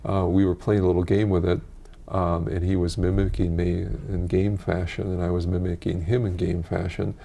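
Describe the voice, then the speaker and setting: A man's voice: low voice, little pitch movement, moderate pace, creaky, mellow. A man working as a speech clinician who talks patiently and encouragingly with a parent about a child. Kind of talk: coaching a child and talking with a parent.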